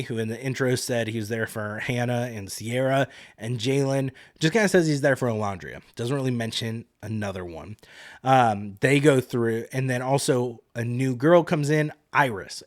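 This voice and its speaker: A man's voice: medium pitch, moderate pace, no echo, studio quality. Chatty sarcastic man recapping reality TV. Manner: chatty, sarcastic, mimics people in quotes. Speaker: podcast host.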